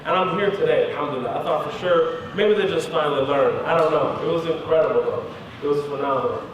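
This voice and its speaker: Male stand-up comic, high voice, animated and quick, from a distant mic in a roomy hall. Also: muffled recording. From Kuwait. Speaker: stand-up comedian. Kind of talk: stand-up storytelling. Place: large hall at a mosque event. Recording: echoey hall, distant mic, crowd noise. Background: audience crowd.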